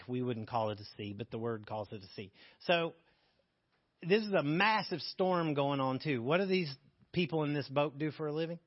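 A man's voice: mid-range voice, dry recording, highs cut off. A man teaching a Bible passage in a casual, candid way, joking as he reads and explains scripture. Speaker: preacher.

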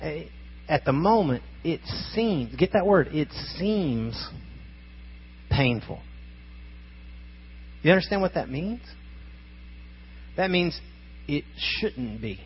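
A man's voice: on the high side, lively intonation, slow pace, pauses often, highs cut off, a little hiss or hum. A man preaching a sermon in a conversational, emphatic way, asking his listeners rhetorical questions. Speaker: pastor.

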